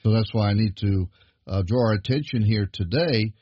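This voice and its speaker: A low, husky-voiced man preaching a sermon, pressing his points with rising emphasis. The sound is dry and close, with a dull, lo-fi quality to the recording. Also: moderate pace, no echo. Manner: emphatic preaching, building in pitch and force.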